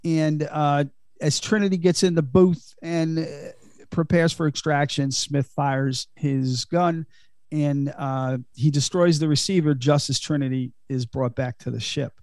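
A man's voice: fairly high pitch, steady tone, a little slow, darkish tone, no echo, clean studio sound. A man hosting a podcast, giving a casual, chatty film recap full of fillers and laughs. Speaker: podcast host.

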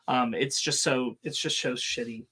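A man's voice: mid-range voice, fairly even intonation, moderate pace, bright, forceful tone, breathy edge. A man co-hosting a podcast, talking earnestly and bluntly, thinking aloud with fillers and the odd curse word. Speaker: podcast co-host. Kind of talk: casual podcast chat.

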